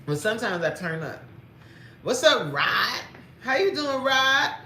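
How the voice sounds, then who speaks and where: A woman's voice: on the high side, sing-song, measured pace, pushed and bright, roomy sound, slight background noise. A woman fitness coach chatting playfully on a livestream, greeting viewers by name, reading their comments aloud and laughing often.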